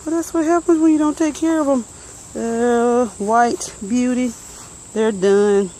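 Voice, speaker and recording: A woman's voice: a little high, fairly even intonation, unhurried, dark tone, slight background noise, poor audio. A woman, out of breath, casually walking through her vegetable garden and muttering plant names as she films. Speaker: gardening vlogger.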